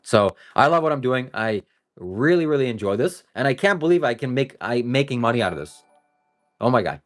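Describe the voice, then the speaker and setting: A man live-streams to his viewers in a loose, rambling monologue. His pitch moves a lot and his tone swings between joking and earnest. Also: big pitch swings, brisk, faint music behind. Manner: talks straight to viewers. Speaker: livestreamer.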